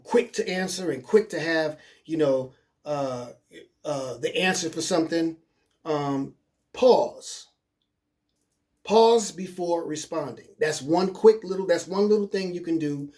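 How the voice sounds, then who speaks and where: In a slightly high, slightly mellow voice, a man coaches a webinar audience as a life coach. Casual, encouraging and plain-spoken, he repeats himself and keeps checking in by asking "okay?".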